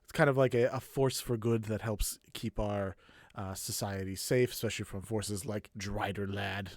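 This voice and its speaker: A man's voice: on the low side, moderate pace, a little mellow, dry recording, close to an everyday voice. A man voicing a scornful male city bartender who talks with disdain in an odd put-on accent. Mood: disdainful.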